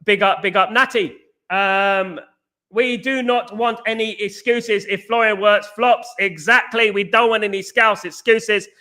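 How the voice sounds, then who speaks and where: A middle-aged man from England hosting a casual live stream, reading chat and giving emphatic, repetitive shout-outs. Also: sits high, fairly even intonation, a little slow.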